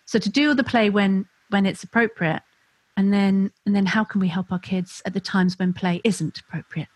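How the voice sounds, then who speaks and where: A woman co-hosts a casual parenting podcast, talking freely, warmly and with laughter. Now and then she acts out the voices of children and parents. Her mid-range voice has fairly even intonation at a moderate pace, with no room sound.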